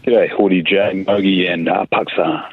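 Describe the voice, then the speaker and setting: Kiwi male caller, very low voice, relaxed chat, tinny phone line. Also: moderate pace, breathy edge, soft background music.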